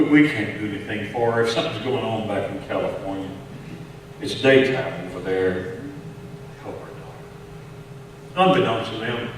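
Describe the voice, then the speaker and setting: Texan pastor, lowish voice, story-driven sermon, echoey church hall recorded from far off. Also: male voice, a little hiss or hum. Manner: storytelling with frequent repeated words, swinging between hushed and raised. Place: large church sanctuary.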